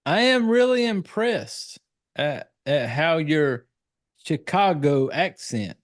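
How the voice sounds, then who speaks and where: A South Carolina man with a Southern country drawl co-hosts a podcast, casually telling rambling, profane stories. His voice is a little high, expressive and slow, captured in studio quality with no room sound.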